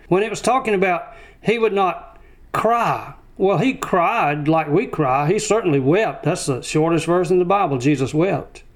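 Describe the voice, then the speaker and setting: A man preaching a sermon, driving his points home with short repeated phrases. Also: a little high. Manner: emphatic repetition of short phrases.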